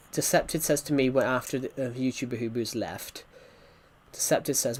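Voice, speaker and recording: A man's voice: medium pitch, unhurried. A man, a gaming streamer, telling a story in casual chat with rambling restarts.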